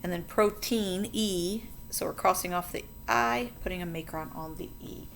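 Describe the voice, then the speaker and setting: A woman with a lowish voice teaches a phonics lesson, walking through each word at the board. She talks patiently and chattily and catches her own slips. A faint hum sits under the recording. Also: normal speed, creaky. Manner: patient, chatty, self-correcting.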